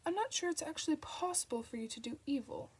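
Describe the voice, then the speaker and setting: A woman's voice: on the high side, expressive, moderate pace, darkish tone, breathy edge. A woman doing a sly sarcastic male demon. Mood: sardonic. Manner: wry, sardonic, teasing. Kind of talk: audiobook reading.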